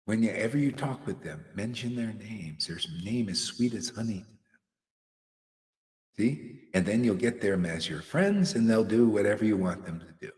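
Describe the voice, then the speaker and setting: A man giving a casual devotional talk, animated and slangy, often laughing and calling people "man". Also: fairly low pitch, normal speed, big-room sound. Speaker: spiritual teacher.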